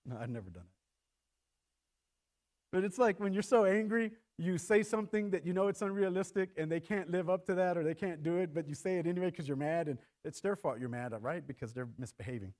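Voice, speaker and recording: A middle-aged man preaching a sermon in church, animated and acting out quoted lines in shifting voices. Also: on the high side, brisk. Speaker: pastor.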